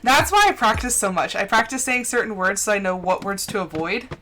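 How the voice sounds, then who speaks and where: A woman's voice: mid-range voice, animated, a little fast, sharp tone, slight background noise. An American woman streaming a video game, chatting casually and giggly, with lots of "like". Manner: chatty and giggly, heavy use of "like". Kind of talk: casual livestream chat.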